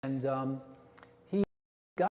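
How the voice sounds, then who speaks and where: A man's voice: medium pitch, takes it slowly, mellow. A man leading a radio club meeting, telling a rambling casual story to the members. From New Jersey. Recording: echoey hall with long reverb.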